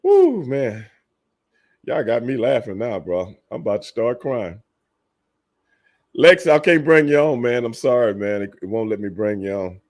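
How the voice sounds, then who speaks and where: A man's voice: mid-range voice, big pitch swings, measured pace, darkish tone. A man who used to wrestle, hosting a casual livestream, talking bluntly and profanely to his viewers and laughing often. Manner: talks to chat viewers by name. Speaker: livestream host and former wrestler.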